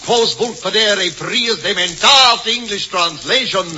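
A man's voice: sits high, a little slow, bright, forceful tone, exaggerated voice. A man voicing a pompous, theatrical older butler with a grandiose, declaiming manner in 1940s radio comedy. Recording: noisy lo-fi old radio recording.

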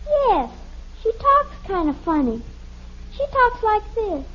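A woman's voice: very high-pitched, sing-song, takes it slowly, fairly bright tone, heavily acted. A woman playing a chatty, blunt little girl in a 1950s radio sitcom, on a dull lo-fi old radio recording. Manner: blunt, matter-of-fact childish talk.

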